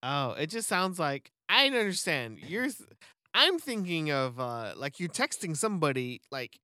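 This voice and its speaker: Lively, giggly podcast co-host. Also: mid-range voice, moderate pace, no echo, studio quality. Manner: laughs often, says "like" a lot. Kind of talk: casual chat.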